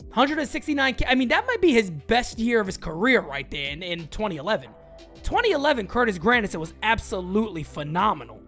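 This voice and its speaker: A woman hosting a live-stream sports chat show, talking in an animated, emphatic way and greeting her chatters. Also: fairly high pitch. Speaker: sports talk show host.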